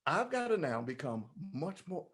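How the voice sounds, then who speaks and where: A man with a slightly high, somewhat rough voice speaks at a normal speed as a guest at an online meetup. He gives an animated, playful motivational talk in the style of a preacher.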